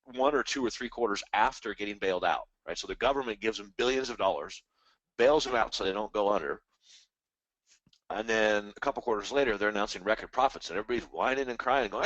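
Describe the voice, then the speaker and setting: A man's voice: on the low side, lively intonation, quick pace, dry recording, dull audio. A man hosting a live trading stream, rambling casually and animatedly about markets and the economy, now and then mimicking other people's voices. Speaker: trading webinar host.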